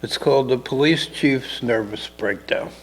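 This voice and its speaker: A man's voice: medium pitch, a little slow, a little hiss or hum, low-quality recording. A middle-aged man co-hosting a casual talk show, telling a rambling story and acting out the people in it. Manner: rambling, acts out characters in dialogue. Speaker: podcast co-host telling a story.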